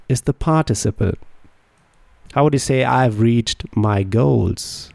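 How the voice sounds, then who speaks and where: A man hosting a podcast language lesson, slowly drilling sentences with question-and-answer prompts. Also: mid-range voice, gravelly, darkish tone, no room sound. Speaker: language teacher and podcast host.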